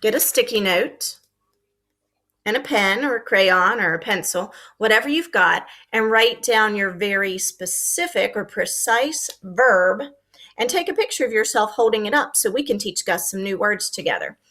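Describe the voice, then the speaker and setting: A female teacher records a lesson for young children, talking slowly and clearly and performing her example sentences with plenty of expression. Her voice is mid-pitched, expressive, pushed and bright.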